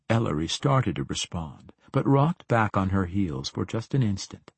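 A man narrating a fantasy novel as an audiobook, in a steady, measured way. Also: low voice, gravelly, husky, no room sound.

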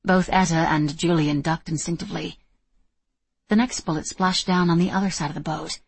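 Low breathy woman narrating a story. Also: fairly even intonation, moderate pace, dry recording. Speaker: audiobook narrator. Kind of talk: scripted narration.

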